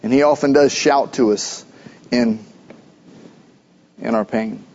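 A pastor giving a sermon in a conversational, playful preaching manner, recorded in a church sanctuary. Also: male voice, mid-range voice, takes it slowly, vocal fry, a little mellow. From United States. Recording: dull lo-fi church recording with long reverb.

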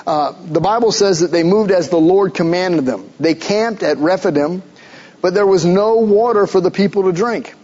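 A man's voice: high voice, moderate pace, darkish tone, lo-fi sound. A man preaching a sermon as pastor, pressing his listeners with rhetorical questions and emphatic repeats.

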